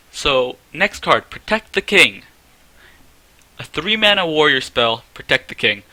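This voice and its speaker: Very bright-voiced man reviewing game cards. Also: medium pitch, dry recording. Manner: chatty, self-correcting, rates things out of ten. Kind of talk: casual game card review.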